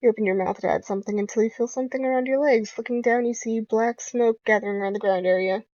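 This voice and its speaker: A woman's voice: on the high side, fairly even intonation, fast talker, a little mellow, no room sound. Giggly young woman reading a dating game. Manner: playful, giggly, joking. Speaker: gamer. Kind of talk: let's play, reading a dating game aloud. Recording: dull lo-fi home recording.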